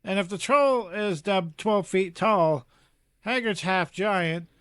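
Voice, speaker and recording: Man, podcast co-host, casual chat, high lively voice, dry sound. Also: takes it slowly, clear, resonant tone, dry recording. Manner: animated, laughs and mimics quotes.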